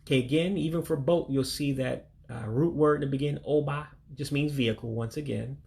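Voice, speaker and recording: A man from the United States leading a casual vocabulary lesson, slowly and carefully repeating foreign words and explaining them plainly. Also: mid-range voice, gravelly, darkish tone. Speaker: language learner teaching vocabulary.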